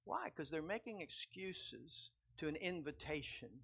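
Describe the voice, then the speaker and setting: Male pastor, sermon, high voice, emphatic repetition, dull lo-fi sound. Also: expressive, unhurried, gravelly, breathy edge. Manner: builds from quiet to loud, emphatic repetition.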